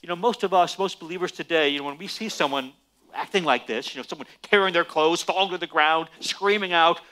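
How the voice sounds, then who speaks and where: A man, a Messianic rabbi, preaching a sermon emphatically and slowing down for stress on key lines. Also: fairly high pitch. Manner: emphatic, animated preaching with dramatic slowdowns.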